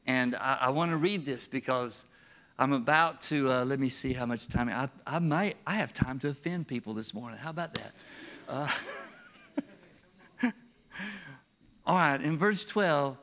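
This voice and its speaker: A man preaching a sermon in a conversational, animated way, with rising emphasis and frequent chuckles. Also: mid-range voice. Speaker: pastor.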